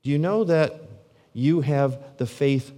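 A man, a pastor, preaching a sermon full of rhetorical questions, his voice swinging from loud and emphatic to hushed and low. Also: slow pace. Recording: long reverb of a large hall.

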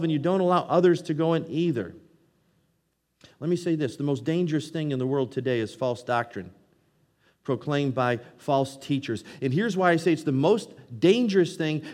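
A man preaching a sermon, earnest, reading scripture aloud and swinging between loud emphasis and hushed tones. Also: a little high, big-room sound. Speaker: pastor.

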